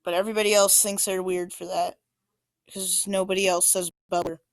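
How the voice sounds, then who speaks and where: A woman's voice: fairly low pitch, flat delivery, brisk, no echo. A woman giving an informal presentation about maps, talking casually with many fillers and small restarts. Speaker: student presenter.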